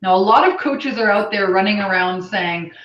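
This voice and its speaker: A woman hosting a live coaching Q&A, energetic and blunt, swearing casually as she teaches. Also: mid-range voice, normal speed. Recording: roomy, slightly dull sound.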